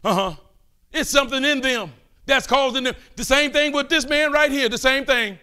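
An older man preaching a fervent sermon, calling out and pleading with his listeners between quieter asides. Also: very high voice, moderate pace, clear, resonant tone.

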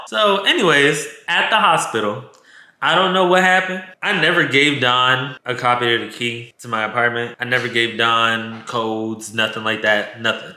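A man's voice: mid-range voice, expressive, normal speed, bright, forceful tone. A man telling a personal story to his viewers in a candid, emotional way, swearing freely and stumbling over his words. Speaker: storytime vlogger. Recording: echoey room sound.

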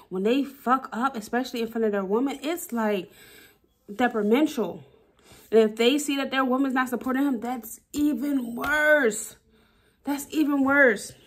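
A woman vlogging candidly about her relationship, emotional and blunt, swearing and repeating herself for emphasis. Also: medium pitch. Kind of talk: personal vlog, talking to camera.

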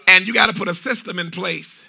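A man preaching a fiery sermon in a church, half-singing and shouting his phrases and repeating call-and-response refrains. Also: high voice, fairly quick, gravelly. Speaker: pastor. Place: church sanctuary.

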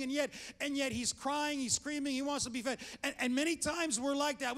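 An older male pastor with a strikingly high voice delivers a fervent sermon. He stumbles and restarts mid-sentence and keeps calling out to the congregation. His voice rings with the long reverb of a big church hall. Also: fairly even intonation, fairly quick, hardly any pauses, a bit bright. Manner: fervent preaching with congregation call-outs and frequent restarts. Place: church sanctuary.

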